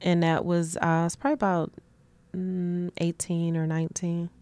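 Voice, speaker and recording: A woman from Detroit, a guest in a casual interview, telling relaxed stories and laughing often. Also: on the low side, moderate pace, clear, resonant tone, no echo. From Detroit, USA. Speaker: guest, community advocate.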